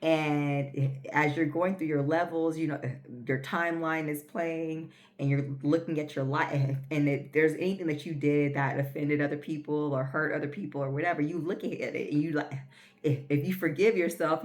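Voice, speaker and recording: Vlogger, female, low voice, earnest and rambling storyteller. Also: steady tone, normal speed. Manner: rambling, filler-heavy, earnest. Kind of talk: casual storytelling.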